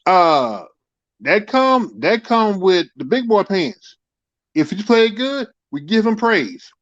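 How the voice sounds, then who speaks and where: A man's voice: high-pitched, big pitch swings, slow pace, dry recording, lo-fi sound. A man calling in to a casual sports talk show, making his points emphatically and repeating words as he builds them.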